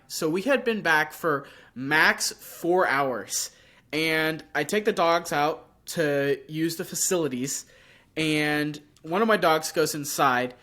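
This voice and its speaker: A young man, sick with a sore throat, co-hosting a podcast and telling an animated story in casual chat, acting out his own reactions. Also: on the high side. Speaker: podcast co-host.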